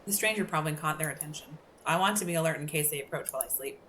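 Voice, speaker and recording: A woman voicing a gruff, suspicious old lighthouse keeper in a put-on Scottish accent, grumbling as she reads his lines. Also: sits low, very fast, a bit bright, a little hiss or hum. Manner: grumbling, shooing strangers off.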